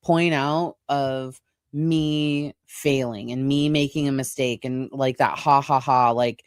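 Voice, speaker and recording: A woman with a low voice, speaking slowly on a casual podcast. She is earnest and empathetic and lingers over feelings. The recording is close and dry. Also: fairly even intonation, clear, resonant tone, dry recording. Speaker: podcast co-host.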